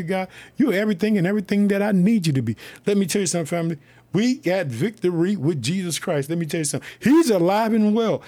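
A man from Chicago preaching a lively podcast sermon, fervent and excited, often shouting his praises. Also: fairly high pitch, slightly rough. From Chicago, United States.

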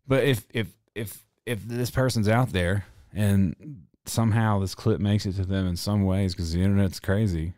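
A podcast host in his thirties tells a story in casual, rambling talk laced with swearing. His voice is on the low side at a moderate pace, with clean studio sound and no room echo, and he comes across as a profane, animated storyteller.

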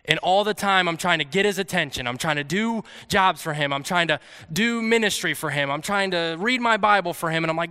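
A man's voice: high voice, brisk, hardly any pauses, sharp tone, smooth. Earnest young male preacher in a hall. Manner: earnest, conversational, acts out his own inner voice. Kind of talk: sermon. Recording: reverberant hall.

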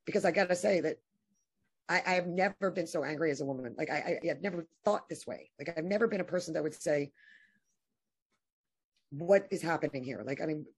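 Woman guest, impassioned and halting, husky low-ish voice, interview chat. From New York. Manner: emotional, halting, many restarts. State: tearful at times.

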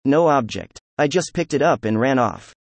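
A man's voice: mid-range voice, lively intonation, normal speed, no room sound, natural voice. A man voicing a proud, hot-tempered young man who speaks in gloomy, defiant outbursts. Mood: exasperated.

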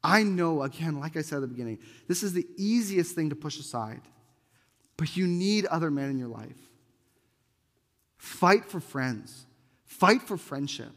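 A man delivering a sermon in a fairly high voice, reading scripture with weight and then pleading earnestly with the men in the room. His words ring out with a long reverb from the church hall around him. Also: expressive, a little fast. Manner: earnest, pleading, reads scripture aloud with emphasis. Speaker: pastor.

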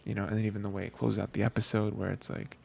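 A man co-hosting a podcast, reviewing an anime in a loose, rambling way, full of fillers and quick quoted asides. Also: fairly low pitch, level tone, gravelly, darkish tone, breathy edge. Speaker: podcast co-host. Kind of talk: casual anime review chat.

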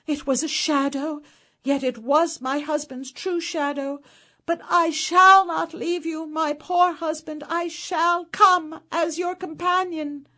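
A woman voicing a grieving young queen in a storybook reading, crying out in high, desperate anguish. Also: fairly even intonation, slow, pushed and bright, full character voice.

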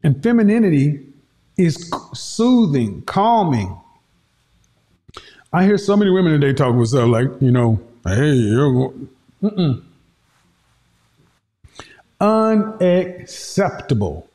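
High-voiced man giving emphatic commentary. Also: sing-song, a little slow, long pauses, warm tone. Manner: emphatic, preachy, repeats points. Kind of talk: opinionated commentary monologue.

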